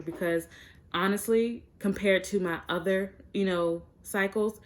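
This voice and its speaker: A woman's voice: medium pitch, fairly even intonation, takes it slowly, long pauses. A young woman talking frankly and chattily to her viewers in a casual vlog, with plenty of fillers. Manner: chatty and direct, many fillers. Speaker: vlogger. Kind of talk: frank casual chat to camera.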